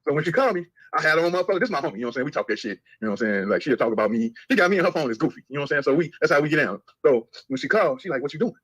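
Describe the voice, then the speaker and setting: A man's voice: on the high side, husky, poor audio. A man telling profane stories in a casual live-stream chat. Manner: fast, profane storytelling, animated quoting.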